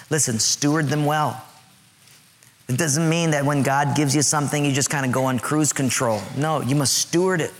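A middle-aged man preaching a sermon in a lively, conversational way with humor. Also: on the high side, moderate pace, a little hiss or hum. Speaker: pastor.

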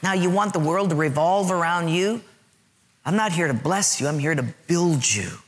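A man voicing God as a patient father who calmly scolds a grumbler. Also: on the high side, normal speed, in a large hall, natural voice. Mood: gently chiding. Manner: calm, gently chiding.

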